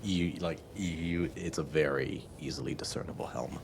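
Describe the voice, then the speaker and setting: Deep-voiced man narrating as game master. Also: vocal fry, background noise. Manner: calm, measured descriptive narration with some hesitations.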